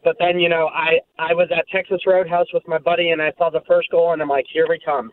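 A man calling in to a radio show, excited and rambling about a hockey win. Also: a little high, fast, slight background noise. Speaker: caller. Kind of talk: excited call-in chat. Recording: phone line.

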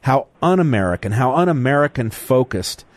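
A man's voice: medium pitch, sing-song, moderate pace, dry recording. A man hosting a talk radio call-in show, talking bluntly and with indignation to his callers. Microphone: studio microphone.

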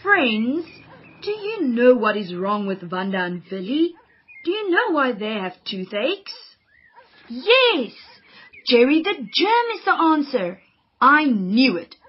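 Chirpy helpful girl, high and sing-song, kids radio show, lo-fi. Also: sing-song, slow pace, slightly rough, heavily acted. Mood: upbeat. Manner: bright, coaxing, talks to listeners. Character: caring, upbeat young girl friend. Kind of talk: children's radio drama.

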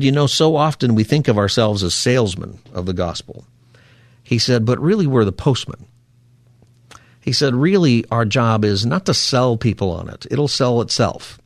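Guy hosting a call-in radio show, kinda low voice, dry studio sound, rambles and thinks out loud. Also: no echo. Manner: rambling, musing aloud with frequent fillers. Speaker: radio talk show host. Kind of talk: casual call-in radio talk.

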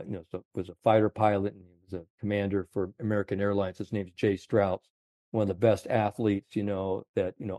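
A man in his seventies, a golf confidence coach, telling animated stories in an interview, full of "you know". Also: fairly low pitch, dry recording, studio quality. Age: 70s. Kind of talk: storytelling interview chat.

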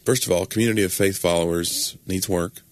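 A man, a comedian and guest, chatting casually with wry, deadpan quips. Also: sits low, brisk, no echo. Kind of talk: casual chat.

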